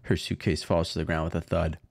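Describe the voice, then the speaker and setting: A man's voice: sits low, level tone, fairly quick. A man streaming a visual novel, reading it aloud dramatically and breaking into crude, jokey asides.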